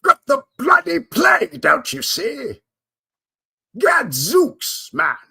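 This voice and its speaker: A man's voice: very high voice, huge pitch swings, takes it slowly, creaky, pushed and bright, pitched above the performer's own voice, heavily acted. A man putting on a pompous British gate guard with old-fashioned exclamations. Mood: haughty.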